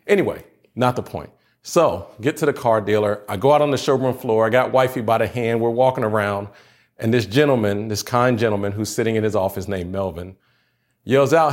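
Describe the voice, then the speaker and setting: A man's voice: medium pitch, a little mellow. A young adult man, a pastor, giving a chatty, humorous sermon to students by video. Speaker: youth pastor.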